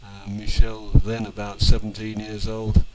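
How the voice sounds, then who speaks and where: A man in his sixties, from England, narrating old family home movies in an unhurried, reminiscing way with fillers and small restarts. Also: lowish voice, monotone, heavy background noise. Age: 60s.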